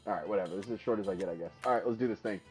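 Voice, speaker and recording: A man streaming a game for the first time, commentating excitedly, laughing and trash-talking his opponent. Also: lowish voice, very fast, faint music behind. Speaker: gaming streamer. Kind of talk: casual live gameplay commentary.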